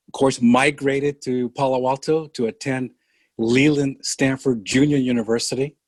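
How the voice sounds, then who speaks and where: An older man from San Francisco speaking as a podcast guest, earnest and deliberate in a reflective conversation. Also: mid-range voice, dry recording. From San Francisco, California.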